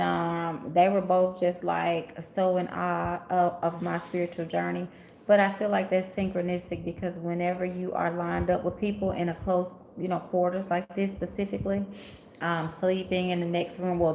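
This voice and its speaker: In an echoey room of a rental house, with faint ambient noise, a tarot reader from Memphis, Tennessee gives a live reading on her livestream. She chats with viewers, calling them honey and y'all, in a lowish, slightly mellow voice with vocal fry.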